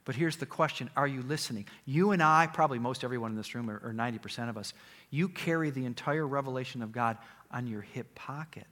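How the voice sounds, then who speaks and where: A male preacher giving a sermon, retelling a story with dramatic swings from loud to hushed. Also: medium pitch, fast. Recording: echoey hall.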